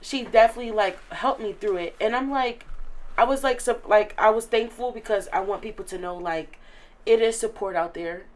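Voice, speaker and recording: A woman's voice: mid-range voice, normal speed. An eighteen-year-old woman, a recent graduate, talking earnestly and emotionally as an interview guest, with many filler "likes". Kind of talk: casual interview chat.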